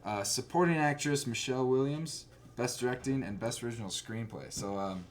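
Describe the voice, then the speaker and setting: A man hosting a casual chat, talking in an animated, rambling way. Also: medium pitch, fairly quick, a little hiss or hum. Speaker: host.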